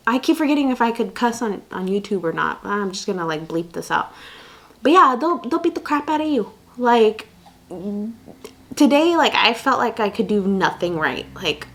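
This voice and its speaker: A young mother vlogs in an unscripted, rambling way and packs her talk with fillers. Her voice sits a little high and swings widely in pitch. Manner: rambling, chatty, many fillers. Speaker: vlogger and mother. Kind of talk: unscripted casual chat.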